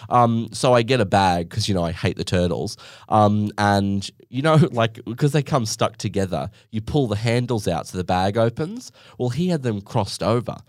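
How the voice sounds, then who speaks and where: Male podcast host, comic storyteller, low voice with animated swoops. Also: normal speed, no room sound, clean studio sound. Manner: rambling, with many asides and self-mocking jokes. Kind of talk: casual comedic storytelling monologue.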